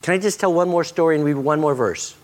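A middle-aged man preaches a sermon with earnest conviction. He often drops his voice low and slows down to press a point home. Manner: earnest preaching that drops soft and slow for emphasis. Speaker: pastor.

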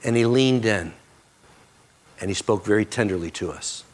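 A middle-aged man preaches a sermon with earnest conviction. He often drops his voice low and slows down to press a point home. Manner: earnest preaching that drops soft and slow for emphasis. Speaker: pastor.

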